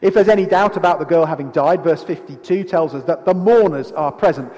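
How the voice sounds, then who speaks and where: A man's voice: on the high side, a little fast, a little mellow. A man preaching an expository sermon in a church, asking the congregation questions. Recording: reverberant church hall.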